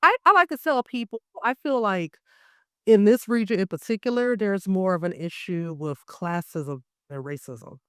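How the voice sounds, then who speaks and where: An American woman, a teacher living abroad, chatting casually as an interview guest. She tells animated stories, leans heavily on "like" and acts out what others said. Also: mid-range voice, normal speed, clean tone, no echo, clean studio sound. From United States. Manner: animated storyteller, heavy use of "like", acts out quotes.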